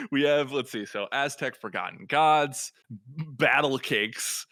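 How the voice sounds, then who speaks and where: Bright-voiced male podcast host. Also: mid-range voice, slow pace, dry recording, clean studio sound. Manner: joking, reads through a game list. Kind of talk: casual podcast chat.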